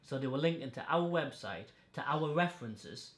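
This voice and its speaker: A man's voice: a little high, expressive, moderate pace, a bit bright. Blunt, sweary man, echoey room. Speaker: podcast host. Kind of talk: casual chat.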